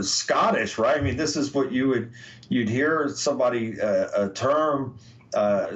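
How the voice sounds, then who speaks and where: A man's voice: medium pitch, recorded from a distance. An American man hosting a podcast, talking casually and reading aloud with frequent hesitations. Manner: hesitant, many uh fillers. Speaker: podcast host. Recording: dull lo-fi audio.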